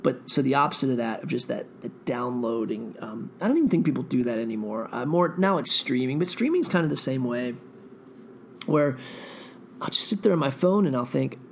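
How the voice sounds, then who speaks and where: A man's voice: medium pitch, expressive, fairly quick, vocal fry, a little hiss or hum. A man rambling through a profane, meandering solo monologue, thinking aloud as a podcast host.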